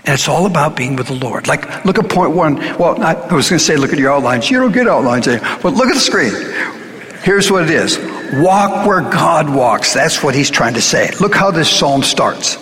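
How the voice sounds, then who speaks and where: A man's voice: on the high side, animated, moderate pace, fairly bright tone. Earnest preaching man in an echoing hall. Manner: earnest, conversational preaching with frequent restarts and rising emphasis. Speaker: pastor. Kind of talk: sermon.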